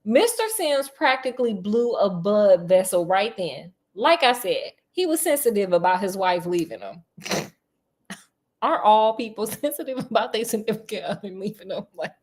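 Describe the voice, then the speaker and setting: A woman reading a novel aloud as a storyteller, breaking off for sassy, animated asides. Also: mid-range voice, moderate pace.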